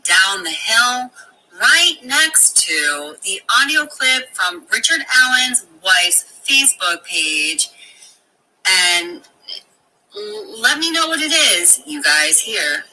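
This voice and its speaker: Bright, animated woman commentator. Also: medium pitch, slow pace, a little hiss or hum, rough recording. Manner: guiding viewers through clips, inviting their opinion. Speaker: true crime commentator in a played video. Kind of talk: commentary on audio clips.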